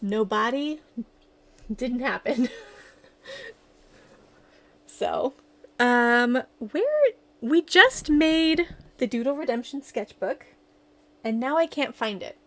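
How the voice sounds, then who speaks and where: A woman livestreamer in casual chat, excitable and giggly as she gushes like a fan. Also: high voice, slow pace, long pauses.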